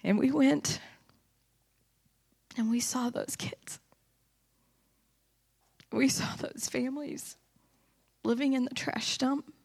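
A woman's voice: high voice, steady tone, takes it slowly, gravelly, long pauses, a little mellow, slightly rough. A woman giving an impassioned sermon testimony in a church, rising into emphatic preaching. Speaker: church speaker. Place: church sanctuary.

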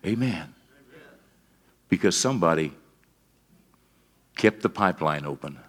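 A man's voice: low-pitched, animated, a little slow, fairly bright tone. A middle-aged man, preaching a sermon in a folksy style full of repeated phrases and asides. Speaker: pastor.

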